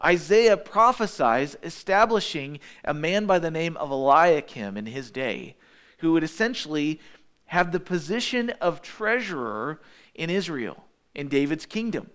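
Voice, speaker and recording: A man preaching a verse-by-verse sermon in a fairly high voice. He cites chapter and verse as he goes and jumps up sharply in pitch when he acts out a doubting voice. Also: expressive, measured pace, fairly bright tone, clear, resonant tone. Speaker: pastor.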